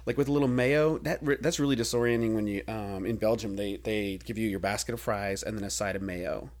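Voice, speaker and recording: A young man co-hosting a podcast in casual banter, animated, laughing often and leaning on fillers. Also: on the low side, brisk. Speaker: podcast co-host.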